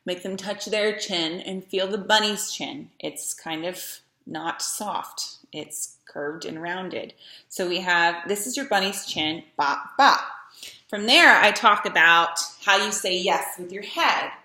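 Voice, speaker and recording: A woman's voice: medium pitch, slow, sharp tone, reverberant. A woman string teacher explaining and demonstrating posture games for young learners, chanting drills patiently.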